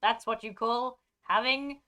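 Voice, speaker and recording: A woman's voice: a little high, fairly even intonation, unhurried, sharp tone. A woman with an English received pronunciation accent chatting casually with live viewers, rambling and breaking off mid-sentence with frequent laughter. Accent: British, received pronunciation. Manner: scattered, rambling, self-interrupting, laughing often. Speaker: streamer.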